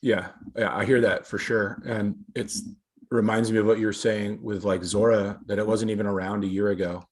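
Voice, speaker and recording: A man hosting an interview podcast, relaxed and loosely phrased as he wraps up. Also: on the low side, normal speed, slightly rough. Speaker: podcast host. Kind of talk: casual interview conversation.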